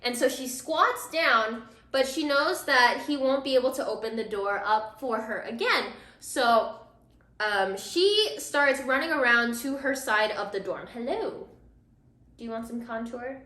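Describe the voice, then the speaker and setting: Bright, high-voiced chatty young woman. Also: lively intonation, measured pace. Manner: chatty, filler-heavy, acts out characters' lines. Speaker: vlogger. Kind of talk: casual drama recap while doing makeup. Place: room at home, doing makeup. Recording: echoey room.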